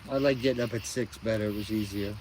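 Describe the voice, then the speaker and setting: A man's voice: on the low side, steady tone, fast, darkish tone, slight background noise, low-quality recording. A middle-aged man hosting a casual live stream outdoors at night, sleepy and yawning as he chats with viewers, crickets behind him.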